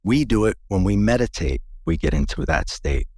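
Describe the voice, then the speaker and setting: A man's voice: sits low, expressive, normal speed, a little mellow, no echo, clean studio sound. A man guest in an interview, earnestly recounting a personal experience in a conversational way, often restarting sentences.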